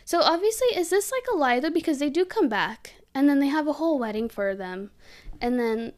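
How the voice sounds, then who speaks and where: Young woman co-host, slightly high pitch, animated casual movie recap. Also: fairly quick. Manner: animated, giggly, lots of "like". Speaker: podcast co-host.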